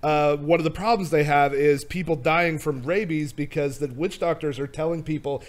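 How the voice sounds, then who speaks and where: A man's voice: on the high side, fairly even intonation, normal speed, hardly any pauses. Rambling male podcast host. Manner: rambling, many restarts. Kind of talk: casual chat.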